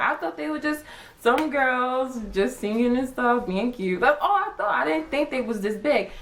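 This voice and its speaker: A young woman vlogger chatting casually, acting out her own reactions with big jumps in pitch. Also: a little hiss or hum, rough recording. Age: young adult. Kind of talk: casual chat.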